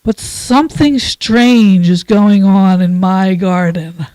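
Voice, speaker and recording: A woman voicing a scientific golden bunny who grows carrots, in a slow, deliberate storybook reading. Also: mid-range voice, mellow, dry recording, pitched below the performer's own voice, close to an everyday voice, rough recording. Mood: puzzled.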